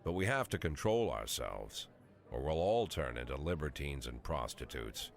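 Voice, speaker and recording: A man's voice: very deep voice, expressive, normal speed, vocal fry, heavily acted. A man voicing a cynical, weary police chief in his sixties, narrating a video game in a dry, sardonic monologue. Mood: wry. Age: 60s.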